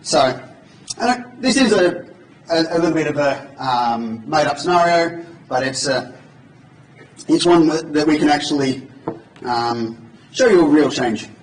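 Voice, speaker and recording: Unhurried but animated, a man with a fairly high pitch jokes his way through an informal live coding demo before a large conference hall audience. The recording comes from far off in an echoey space, with a little hiss or hum.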